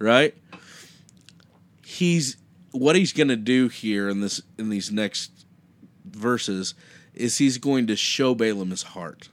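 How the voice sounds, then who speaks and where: A man co-hosting a podcast and preaching, telling a Bible story in a casual, animated way and acting out the quotes. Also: mid-range voice, takes it slowly, pauses often.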